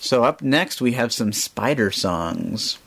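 A man's voice: medium pitch, expressive, slow, vocal fry, fairly bright tone, husky. A man hosting a children's music radio show, chatting casually and explaining things simply for kids.

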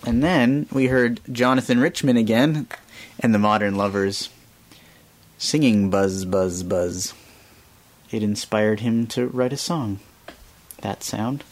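Slow-talking easygoing male radio host. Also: on the low side. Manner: easygoing, explains things simply for children. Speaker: radio host of a children's music show. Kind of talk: casual radio chat with kids.

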